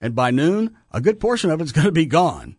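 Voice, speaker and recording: A man's voice: fairly high pitch, fairly quick, husky, dry recording, clean studio sound. A man in his fifties hosting a radio show, chatting casually and telling rambling stories. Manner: rambling storyteller, lively. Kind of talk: casual chat.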